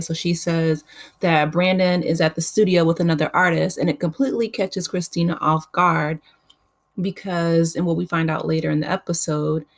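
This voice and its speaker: Chatty woman recapping reality TV. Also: fairly low pitch. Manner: chatty, opinionated, many fillers like "you know". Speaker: YouTube reality TV recap host. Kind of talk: casual recap commentary.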